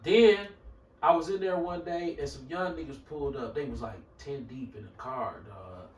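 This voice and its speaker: A man with a Milwaukee accent telling a profane, animated story on a casual talk show, acting out the people in it and sometimes shouting. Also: mid-range voice, moderate pace. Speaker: show regular. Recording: roomy echo, mic far off.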